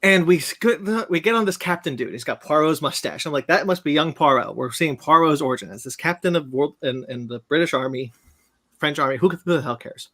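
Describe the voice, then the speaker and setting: A man's voice: fairly high pitch, animated, fairly quick, pushed and bright. A man hosting a casual podcast chat, ranting animatedly and swearing as he recaps a film. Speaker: podcast host.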